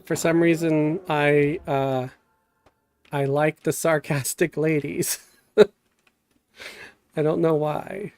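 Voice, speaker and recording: A man's voice: a little high, flat delivery, takes it slowly, pauses often, darkish tone, smooth, no room sound. A middle-aged man casually telling a rambling story while streaming a game, with many fillers and restarts.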